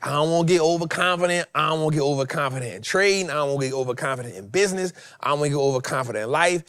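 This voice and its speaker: Animated, preachy man with a dry, close sound. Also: on the high side, rapid-fire, no room sound. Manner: animated, swings loud and soft, repeats phrases. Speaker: host. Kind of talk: preachy motivational talk.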